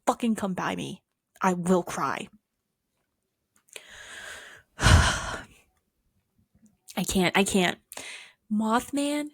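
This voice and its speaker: A young woman vlogger talks to the camera in a loose, rambling monologue, cursing a lot and making fun of herself. Her gravelly voice sits at a medium pitch with wide swings in intonation, and she speaks slowly. The recording is studio quality with no echo.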